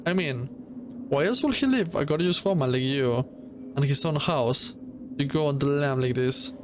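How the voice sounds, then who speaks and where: A man's voice: on the high side, moderate pace, close to an everyday voice. A man reading aloud the lines of a sly, prying male investigator in a game, with a folksy, insinuating manner, over a noisy recording.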